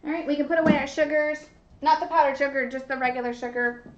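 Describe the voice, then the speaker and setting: This baking show host is a young woman whose high voice moves fast with fairly even intonation. Chatty and bubbly, she talks to viewers from a kitchen during a live demonstration, captured in dull lo-fi stream audio.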